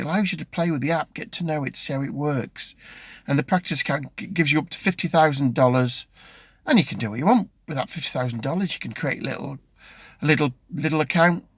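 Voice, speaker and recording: A man's voice: fairly high pitch, husky, dry recording. A middle-aged man with a British accent, chatting casually in a vlog from his car. He rambles and restarts often, with plenty of ums. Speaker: vlogger. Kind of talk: casual chat.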